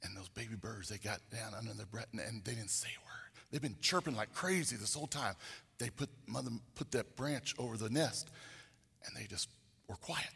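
Preacher guy rambling thru a folksy story, bright voice, big echoey hall. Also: lowish voice, moderate pace, creaky, breathy edge. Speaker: pastor. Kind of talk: sermon storytelling.

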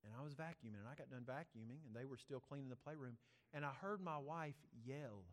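A man's voice: medium pitch, fast. A man, preaching a sermon and telling rambling family stories with many restarts. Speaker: pastor. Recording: long reverb of a church hall.

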